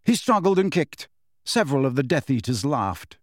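A man narrating an audiobook in an expressive, dramatic storytelling style. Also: mid-range voice, normal speed, no room sound, studio quality. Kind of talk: scripted narration.

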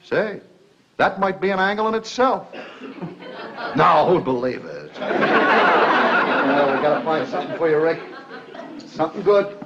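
A brash Hollywood press agent. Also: male voice, fairly high pitch, expressive, a little slow, long pauses, a crowd in the background, noisy background. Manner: brash, salesy, chuckling. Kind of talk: 1950s sitcom acting. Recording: lo-fi 1950s TV audio.

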